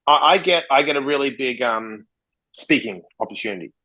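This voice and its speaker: On a rough recording, a podcast guest from Australia tells stories in a casual interview, blunt and freely swearing as he acts out the conversations. His medium-pitched voice is brisk, bright and forceful, with lively intonation.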